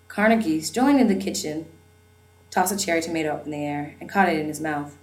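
A woman's voice: low voice, quick pace, darkish tone, low-quality recording. A woman narrating an audiobook in a wry, conversational storytelling manner.

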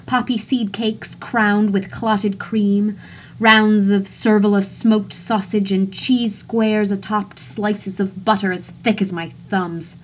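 A woman's voice: on the high side, a little mellow, a little hiss or hum, voice pushed up, lightly acted. A woman doing a coarse, accusing ghostly mother.

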